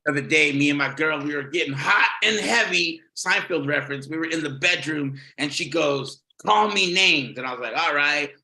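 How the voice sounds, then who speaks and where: Man, stand-up comic on a video call, crude and rambling, bright tense voice, slightly high. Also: moderate pace, hardly any pauses, low-quality recording. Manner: crude, rambling, swears often, laughs at own jokes. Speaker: stand-up comedian.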